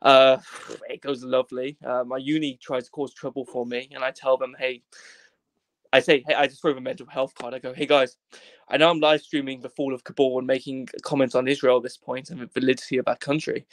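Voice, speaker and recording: A podcast guest in his young adult years, from Wales, talks briskly at medium pitch with a flat delivery and no echo. He tells a wandering, humorous story in casual chat, swearing without restraint and mimicking the people he describes.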